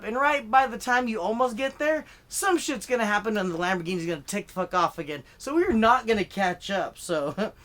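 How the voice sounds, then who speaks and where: Fired-up swearing comedian ranting. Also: male voice, high-pitched, a bit bright. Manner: fired-up, swearing, rambling with many fillers. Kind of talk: profane comedic political rant to camera. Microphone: filming himself on camera.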